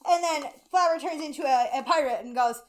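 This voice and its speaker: A high-pitched woman co-hosting a casual podcast. She recaps a show in loose, sarcastic chat, swearing freely as she goes. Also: brisk. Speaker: podcast co-host.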